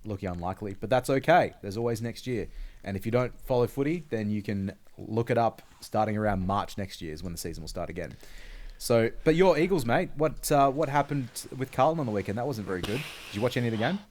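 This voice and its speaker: An Australian man with a lowish voice chats casually on a podcast. He rambles a little and leans on fillers, easygoing and unhurried. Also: lively intonation, darkish tone. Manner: chatty, laid-back, rambling with fillers. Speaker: podcast co-host. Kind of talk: casual chat.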